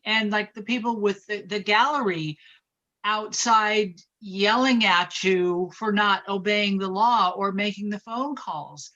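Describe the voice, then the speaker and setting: A woman's voice: mid-range voice, slow pace, sharp tone. Woman in her sixties, earnest, muffled. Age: 60s. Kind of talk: conversational discussion.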